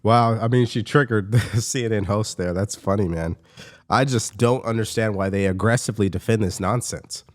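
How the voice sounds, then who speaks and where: A man hosting a political commentary video, talking to camera in an animated, emphatic way that climbs in pitch on his points. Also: normal speed.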